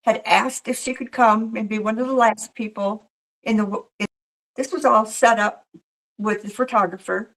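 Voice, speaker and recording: A woman who works as a professional Mrs. Claus, sharing a story in a relaxed interview. Her voice sits a little high. She tells it with life and slips into the voices of the people she describes. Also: normal speed, rough recording. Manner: animated storyteller who acts out quoted voices.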